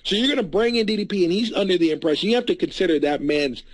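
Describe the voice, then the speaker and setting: A man's voice: high voice, lively intonation, racing, no room sound, poor audio. A man co-hosting a podcast in casual debate, heated and often stammering on repeated words. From San Antonio area. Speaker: podcast co-host.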